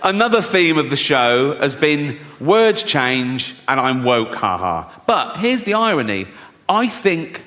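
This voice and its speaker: A man's voice: on the high side, big pitch swings, slow pace, bright, forceful tone. A man doing a live stand-up set, telling stories in a chatty way, often tagging lines with "right?" and swearing freely. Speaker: stand-up comedian. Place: large theatre stage. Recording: echoey theatre with audience in the room.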